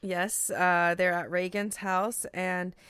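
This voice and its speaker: A woman's voice: on the low side, flat delivery, takes it slowly, a bit bright, clear, resonant tone, no echo, studio quality. A woman co-hosting a podcast, chatting casually about a book, correcting herself and laughing at her own slips. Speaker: podcast co-host.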